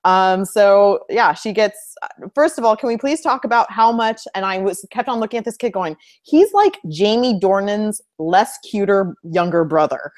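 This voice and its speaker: A woman co-hosting a casual fan discussion show, animated and acting out lines in funny voices. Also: mid-range voice, moderate pace. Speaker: podcast co-host.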